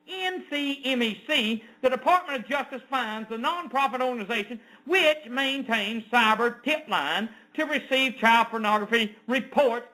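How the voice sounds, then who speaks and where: A man ranting as an online news commentator, reading an article aloud with indignant, sarcastic outbursts that swing from loud to low. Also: poor audio.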